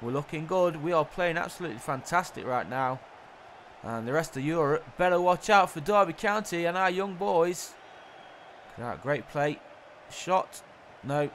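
Young guy doing play-by-play on his own footy game, kinda high voice, faint hiss behind. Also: normal speed. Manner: mock sports-commentator delivery, jumps up excitedly at goals. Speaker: gaming YouTuber.

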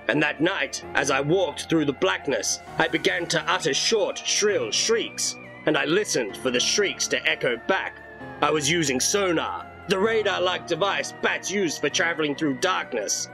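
Gravelly guy reading a creepy storybook out loud, a bit high, faint music behind. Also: lively intonation, a little slow, poor audio. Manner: dramatic first-person narration. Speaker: horror storybook reader. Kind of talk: reading a horror storybook aloud.

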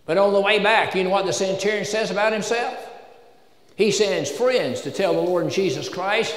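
A man's voice: high-pitched, normal speed. A man with a Southern American accent preaching a sermon in a church, folksy and joking at times, building to emphatic peaks. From Southern United States. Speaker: pastor. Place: church sanctuary. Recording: echoey church hall with long reverb.

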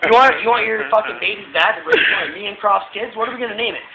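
A man's voice: high voice, very fast, gravelly, background noise. A young man telling a crude, rambling story, swearing constantly and laughing between lines. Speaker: ranting storyteller. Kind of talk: profane rambling rant. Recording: muffled lo-fi home video with crowd. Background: crowd chatter.

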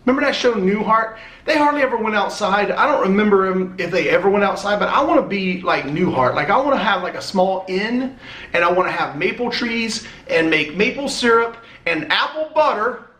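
A man's voice: high voice, animated, fairly quick, a bit bright. A man opening fan mail on a casual vlog, chatty and rambling, swearing now and then. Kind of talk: casual chat. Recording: echoey room.

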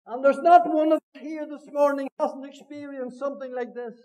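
A Northern Irish man preaching a passionate sermon from the pulpit. His voice sits very high yet sounds dark and mellow. He swings between ringing cries and hushed, low asides. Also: steady tone, moderate pace, hardly any pauses, low-quality recording. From Northern Ireland. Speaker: pastor. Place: church meeting hall.

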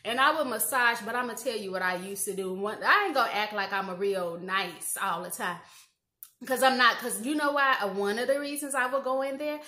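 A woman from Indiana telling personal stories in a casual monologue, animated, acting out quoted dialogue and saying "you know" and "like" often. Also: on the high side, brisk. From Indiana, USA. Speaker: YouTube commentator. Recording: roomy echo.

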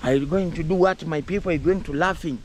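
A man with a Kenyan accent vlogging outdoors in a village, talking excitedly and rambling, mixing English and Swahili and laughing often. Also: a little high, a little fast, a little hiss or hum. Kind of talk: casual vlog talk to camera.

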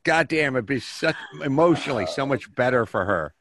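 A man's voice: mid-range voice, lively intonation, a little fast, noisy background. A man hosting a comedic podcast, riffing with sarcastic jokes. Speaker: host.

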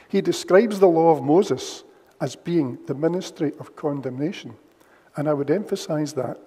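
A man preaching a sermon in a measured, emphatic way, repeating key phrases for weight. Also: a little high, mellow, husky. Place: church livestream. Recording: long church reverb.

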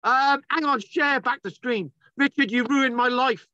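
A man's voice: very high-pitched, a little slow, bright, forceful tone, no room sound, muffled recording. A man giving a casual online lecture, exasperated and bantering, swearing often.

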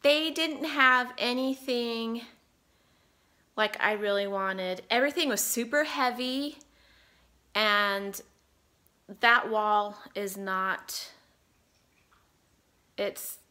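A woman's voice: on the high side, very slow, long pauses, pushed and bright. A woman vlogging in casual chat from her car, rambling and talking straight to her viewers, recorded on a phone in a dashboard holder. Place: in a car while driving.

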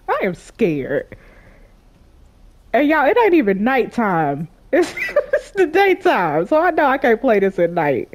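Speaking in a mid-range, slightly mellow voice, a woman YouTuber offers relaxed, slangy gameplay chatter to her viewers. Jumpy throughout, she laughs nervously and shrieks while playing.

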